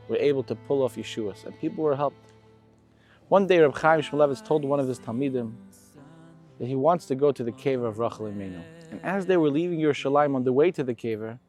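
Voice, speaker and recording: Man, heartfelt storytelling, mid-pitched voice, soft music underneath. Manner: emotional, rising intensity on quotes. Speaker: storyteller for a charity. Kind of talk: earnest storytelling with appeal. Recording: faint background music.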